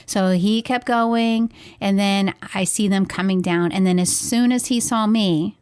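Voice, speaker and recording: A woman speaks in a casual, earnest way, retelling a family outing step by step and softly voicing what each person said. Her pitch sits in an ordinary middle range. The recording is close and dry, with no room sound around her voice. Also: fairly even intonation, a little slow, smooth, no echo. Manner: earnest, detailed retelling with soft quoted dialogue. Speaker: podcast co-host and parent. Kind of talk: casual storytelling chat.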